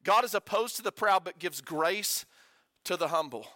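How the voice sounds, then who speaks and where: High, bright-voiced preacher man. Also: lively intonation, moderate pace, no room sound. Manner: conversational preaching with rhetorical questions, rising and dropping to a hush. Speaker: pastor. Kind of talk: sermon.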